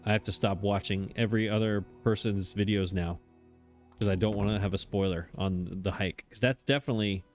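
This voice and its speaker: A man's voice: on the low side, fairly even intonation, a little fast, soft background music. Chatty man narrating his gameplay. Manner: chatty, self-mocking, laughs often. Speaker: let's play host. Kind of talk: casual gameplay commentary.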